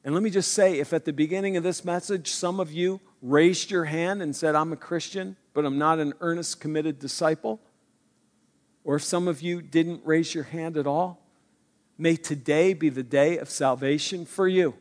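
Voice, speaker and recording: A man's voice: on the high side, steady tone, normal speed, darkish tone. A man preaching a sermon in an earnest, conversational way that builds to emphatic points.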